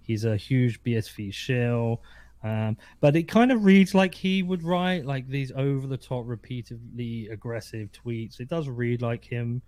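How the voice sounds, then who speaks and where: A man's voice: medium pitch, unhurried, darkish tone, no room sound. A British man talking in casual podcast banter, blunt and swearing freely. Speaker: podcast co-host.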